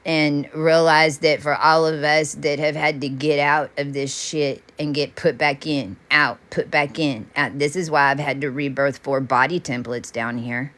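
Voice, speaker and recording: A woman with a deep, low-pitched voice runs through a rambling spiritual monologue. She talks intensely and repeats herself, and she swears freely. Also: fairly even intonation, a little slow, hardly any pauses, fairly bright tone. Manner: intense, profane, repetitive. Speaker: self-styled channeler.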